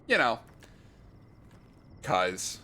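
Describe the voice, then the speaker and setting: A man's voice: fairly low pitch, very animated, very slow, sharp tone, a little hiss or hum. A man streaming a video game, making playful, jokey asides between lines of dialogue. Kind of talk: let's play commentary.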